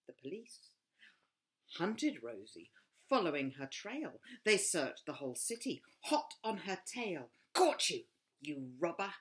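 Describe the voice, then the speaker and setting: A woman reading her own picture book aloud for children, expressive, dropping to whispers and rising to loud cries. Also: lowish voice, unhurried. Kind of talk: storybook read-aloud for children.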